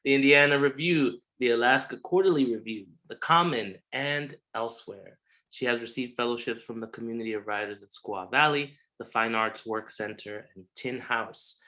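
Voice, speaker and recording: A man hosts an online poetry reading with an upbeat, chatty manner full of casual slang. His voice has a bright, forceful tone, and his pitch sits in the middle range. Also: moderate pace. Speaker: host. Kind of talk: event hosting. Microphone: video call.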